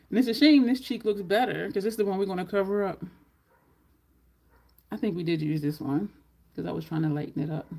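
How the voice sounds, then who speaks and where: A woman's voice: medium pitch, expressive, a little fast, vocal fry, pauses often, warm tone. A woman chatting casually through a makeup tutorial at home, rambling into side stories as she goes. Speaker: makeup vlogger.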